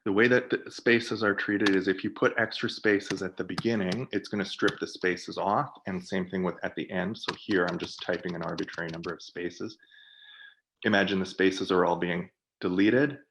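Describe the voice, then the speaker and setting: A man on a video call, presenting for a product team and walking through software in a webinar while thinking aloud. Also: deep voice, vocal fry, noisy background.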